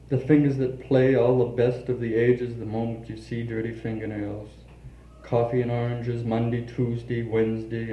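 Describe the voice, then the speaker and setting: A man's voice: mid-range voice, warm tone, slight background noise. A man giving a poetry reading in an intimate, confessional way. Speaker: poet reading his work. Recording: roomy reverberant recording with faint ambience.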